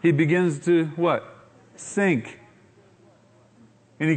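A man delivers a sermon in a fairly high voice. He tells the story with energy and acts out the characters' lines. He keeps drawing the congregation in with rhetorical questions. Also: animated, unhurried, long pauses. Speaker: pastor.

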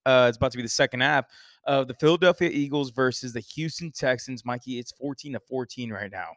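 A man's voice: medium pitch, brisk, fairly bright tone, dry recording, clean studio sound. A man hosting a casual sports podcast, joking and rambling through banter with his co-host. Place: Texas.

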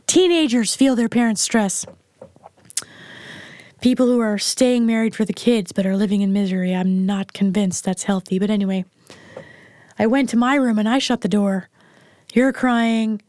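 A woman's voice: mid-range voice, steady tone, moderate pace, long pauses, a little mellow. A middle-aged woman telling a candid personal story as an interview guest, frank and blunt in how she speaks. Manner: frank and blunt, plain-spoken. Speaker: interview guest, mother of the host.

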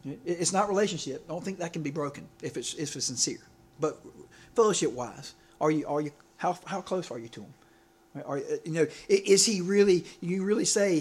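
A man preaching a sermon in a loose, conversational way, his voice sitting a little higher than most men's. He repeats words as he goes and keeps checking in with the congregation for an amen. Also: fairly quick, slightly rough. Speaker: pastor.

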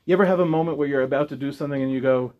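A man in his forties, a rabbi giving an animated Torah class to young women in a classroom, acting out quoted voices with humor. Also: mid-range voice, very fast, dull audio. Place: classroom before an audience.

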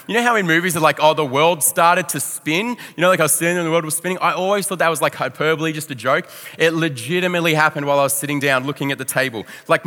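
A young Australian man preaching a sermon as a pastor, telling a personal story in an animated, self-deprecating way and acting out quotes. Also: on the high side. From Victoria, Australia. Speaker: youth pastor. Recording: long hall reverb.

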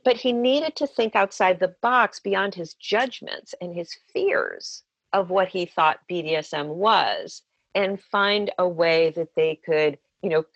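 A woman's voice: mid-range voice, gravelly, a bit bright, dry recording, highs cut off. A woman therapist telling the story of a client session and acting out both sides of the conversation. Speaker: sex therapist. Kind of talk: storytelling in an interview.

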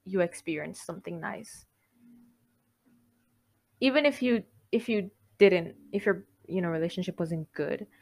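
A young woman at an ordinary pitch talks straight to her listeners in a casual confessional monologue. She rambles, cuts herself off mid-thought and giggles between lines, candid and heartfelt. She sounds like a podcast host chatting on her own show. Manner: rambling, self-interrupting, giggly.

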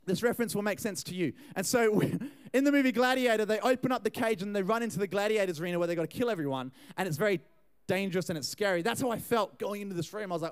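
A young man giving a youth sermon, telling a funny story in a chatty, animated way and talking to the crowd. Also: sits high, fast, clean tone. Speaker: youth pastor.

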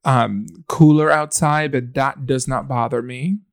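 A man's voice: fairly even intonation, unhurried, no room sound, clean studio sound. A man co-hosting a podcast, chatting in a playful, jokey, campy way. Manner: playful, jokey, drifts into a put-on deep British voice. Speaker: podcast co-host. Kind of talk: campy casual banter.

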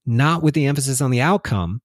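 A man's voice: mid-range voice, animated, a little fast, no echo, studio quality. A man talking reflectively in a casual spiritual conversation, laughing often and restarting his sentences.

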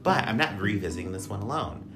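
Deep-voiced chatty podcast host, a man. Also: expressive, fast, over music. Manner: chatty, playful, swears freely. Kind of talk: casual podcast chat.

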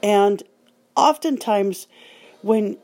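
A woman's voice: mid-range voice, drawn-out words, mellow, soft background music. An older woman hosting a podcast, telling stories in a casual, wry and dryly humorous way. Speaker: podcast host.

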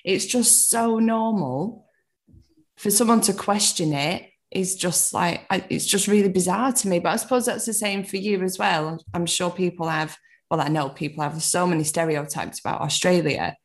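A woman's voice: on the low side, normal speed. A woman from the UK in her thirties, chatting casually as a podcast guest, laughing often and swearing lightly. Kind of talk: casual chat.

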